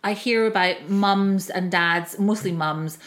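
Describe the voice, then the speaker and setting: A woman's voice: fairly low pitch, slow pace, fairly bright tone. A woman, a mother, hosting a casual podcast chat and asking thoughtful, reflective questions.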